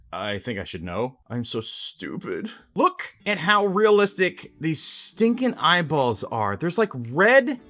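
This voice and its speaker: A man's voice: a little high, fairly bright tone. A man casually reviewing an action figure, chatty and self-mocking, breaking into exclamations. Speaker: toy reviewer.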